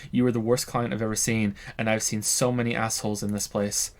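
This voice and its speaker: A man's voice: fairly low pitch, flat delivery, brisk, close to an everyday voice. A man voicing an exasperated former bar manager woman on the phone, reading game dialogue aloud with weary, blunt reproach.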